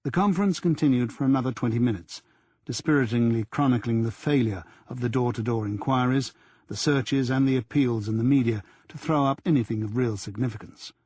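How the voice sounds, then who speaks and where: Husky male audiobook narrator. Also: medium pitch, a little fast, mellow, dry recording. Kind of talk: scripted narration.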